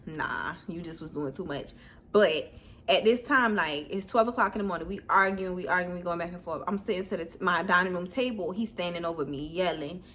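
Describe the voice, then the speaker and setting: A woman's voice: fairly low pitch, a bit bright, slight background noise. A woman vlogger telling a personal story in a casual storytime video, blunt and candid.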